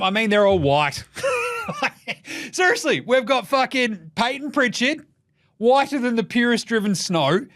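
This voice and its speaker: An Australian man hosting a basketball podcast, riffing in a jokey, profane, rapid-fire way. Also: high-pitched, very animated, a bit bright, dry recording, clean studio sound. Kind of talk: casual solo commentary.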